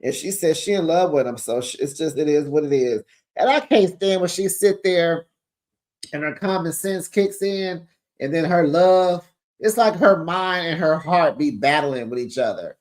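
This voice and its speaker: A man with a fairly high voice runs through a reality show recap in gossip mode. He is sassy and chatty, sprinkling in honey and child as he talks to his viewers like friends. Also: expressive, moderate pace. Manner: sassy, chatty, addresses viewers as besties and y'all; calls listeners honey and child.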